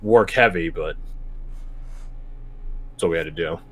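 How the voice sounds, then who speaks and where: A man's voice: deep voice, measured pace, slightly rough. A young man narrating a tabletop game as game master, rambling with many fillers and restarts.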